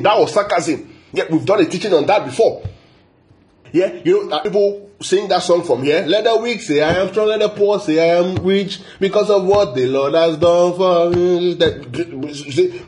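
A man's voice: a little high, a little mellow. A man preaching a sermon as a pastor, emphatic and repetitive, often checking in with the congregation. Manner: repetitive, emphatic, asks the audience "yeah?". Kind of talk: sermon teaching.

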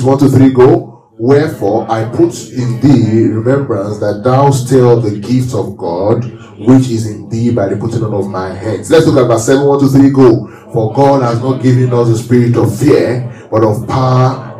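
A pastor with a warm, mid-range voice preaches a sermon, leading his congregation through call-and-response Bible reading and teaching from the verses. The recording is in a roomy hall, with his voice heard from far off.

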